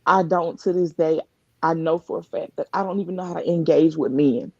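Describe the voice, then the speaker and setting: Husky, gravelly woman telling her story. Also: low voice, steady tone, a little mellow, dry recording, highs cut off. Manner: earnest, halting, often restarts mid-thought. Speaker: guest sharing her story. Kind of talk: emotional personal testimony on a live stream. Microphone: live video call.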